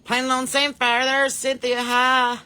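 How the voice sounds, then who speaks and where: A woman's voice: high voice, monotone, measured pace, pushed and bright, clean tone. Chatty Southern woman hosting a livestream. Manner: chatty, folksy, reads out viewers' names and places. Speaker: podcast host. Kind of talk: casual livestream chat greeting viewers.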